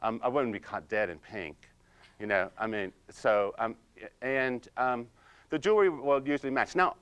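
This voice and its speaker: A man playing a quiet, precise, nerdy analyzer-type husband in comedic role-play, slow and hesitant with many ums and "you see?". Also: mid-range voice, clean tone, natural voice. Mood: deadpan nerdy. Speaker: personality-styles trainer.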